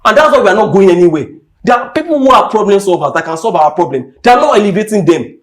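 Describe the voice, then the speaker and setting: A young Nigerian man with a high voice hosts a podcast, delivering an impassioned rant at a quick, animated pace. He speaks Nigerian English and drives home his points with heated, emphatic repetition.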